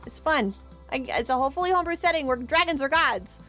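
A woman game master narrating a streamed tabletop game, animated and quick when signing off. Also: high voice, soft background music. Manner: animated, quick sign-off with laughter.

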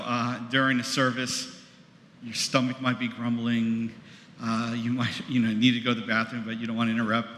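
Chatty American preacher in an echoey hall. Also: male voice, mid-range voice, fairly bright tone, a little hiss or hum. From United States. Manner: conversational, rambling with many fillers. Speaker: pastor. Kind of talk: sermon. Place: church sanctuary. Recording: echoey hall, long reverb.

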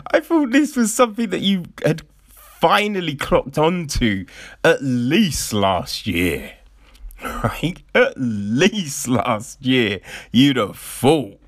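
A man's voice: a little high, very animated, slow, dry recording, clean studio sound. A man in casual, profane commentary, ranting sarcastically and mocking the people he talks about.

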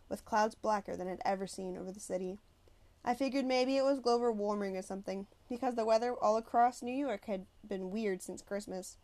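A woman reads a novel aloud in the first person. Her storytelling is lively and expressive. Her voice sits at an everyday pitch. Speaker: audiobook reader.

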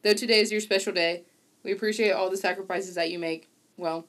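A woman's voice: mid-range voice, fairly even intonation, brisk. A woman in her twenties co-hosting a podcast in casual chat, bubbly and giggly. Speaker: podcast co-host.

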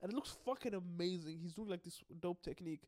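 A man giving an excitable, casual recap, swearing freely and often stumbling and restarting. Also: sits high, fast talker. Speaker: anime and manga recap host.

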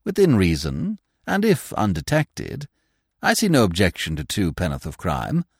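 A man voicing a courteous, unflappable young gentleman with a monocle, speaking in a dry, measured way, in an audiobook reading. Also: deep voice, huge pitch swings, vocal fry, slightly rough, no room sound, exaggerated voice. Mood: urbane.

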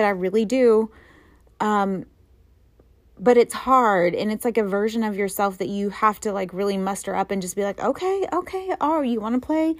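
A middle-aged woman talks casually as a podcast host, rambling and poking fun at herself. Her voice sits at an ordinary middle pitch. The recording is dry and close. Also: no room sound. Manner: rambling, self-mocking storytelling with frequent laughs. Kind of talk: casual chat.

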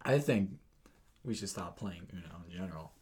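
A man's voice: deep voice, expressive, moderate pace, a little mellow, a little hiss or hum. A teenage boy co-hosting a casual podcast chat, swearing a lot and acting out angry players. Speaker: podcast co-host.

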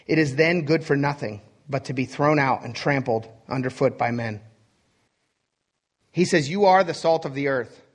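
A man's voice: medium pitch, normal speed. Man preaching, loose and conversational. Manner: conversational preaching with frequent "right?" asides and chuckles. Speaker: pastor. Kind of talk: sermon.

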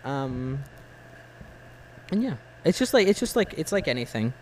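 A man in his twenties in casual chat about films, halting and blunt, with lots of fillers. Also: medium pitch, sing-song, slight background noise, rough recording. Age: 20s. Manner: halting, full of "like" and "uh", blunt opinions. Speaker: film fan in conversation.

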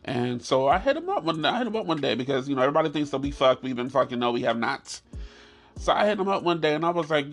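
A man tells a funny story from his own life in relaxed conversation, laughing a lot, cursing freely, and repeating his punchlines. His voice is on the higher side and he talks fast.

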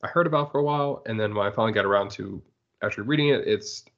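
A fairly low-voiced man with a gravelly edge chats on a podcast, circling his thoughts with constant "like"s and restarts. The recording is somewhat dull and muffled. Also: a bit bright. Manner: halting, full of "like" and restarts. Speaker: podcast co-host. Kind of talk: casual chat.

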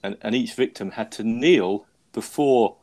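The podcast host here has a lowish, dark-toned voice and talks a little slowly. His casual storytelling is rambling and self-deprecating, full of restarts.

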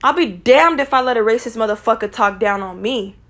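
A young woman with a fairly high voice delivers a heated personal rant straight to her viewers. She is blunt and profane, and she talks to her audience as "y'all" with open exasperation. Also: fairly quick, a bit bright. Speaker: vlogger. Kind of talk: angry personal rant to camera.

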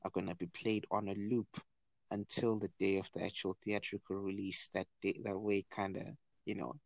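A man co-hosting a casual podcast chat, stammering through many restarts as he gets excited. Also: sits low, moderate pace, vocal fry, dry recording. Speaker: podcast co-host.

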